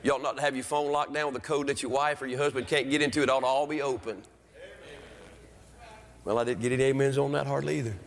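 A man preaching a sermon as pastor, building from steady teaching to impassioned pleas. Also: medium pitch, fast talker. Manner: preaching, rising to impassioned shouts. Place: church sanctuary. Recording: long hall reverb.

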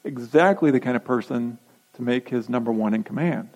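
A man's voice: medium pitch, a little fast, a little mellow, poor audio. A man preaching a sermon, emphatic and repetitive, posing rhetorical questions to his congregation. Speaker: pastor.

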